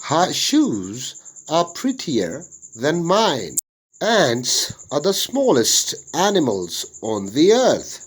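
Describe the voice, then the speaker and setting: A man with a Pakistani English accent, a teacher reading out an English worksheet lesson slowly and deliberately, word by word. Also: a little high, slightly rough.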